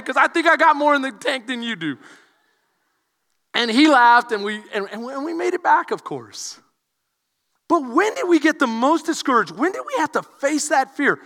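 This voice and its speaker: A man from Houston preaching a sermon, telling a story that swings from quiet asides to shouted emphasis. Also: very high voice, big pitch swings, normal speed, in a large hall. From Houston, Texas. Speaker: pastor.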